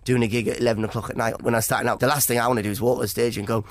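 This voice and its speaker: A man's voice: medium pitch, steady tone, very fast, hardly any pauses, no room sound, clean studio sound. A man, a comedian being interviewed, chatting and telling stories, acting out other people's voices. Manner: chatty storytelling, acts out quoted voices. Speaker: comedian guest. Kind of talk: casual interview chat.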